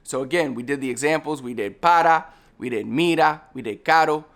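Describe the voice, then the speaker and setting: Casual teacher: a man, slightly higher voice, patiently repeats practice sounds. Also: fairly bright tone. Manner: repeats drill sounds slowly, coaching the viewer. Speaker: language teacher. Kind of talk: casual spoken lesson.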